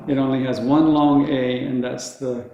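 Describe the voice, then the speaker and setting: A man teaching Sanskrit pronunciation to a group, slowly drilling each syllable and patiently correcting vowels. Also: mid-range voice, level tone, dark tone. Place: room with a group of students. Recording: dull, echoey room recording.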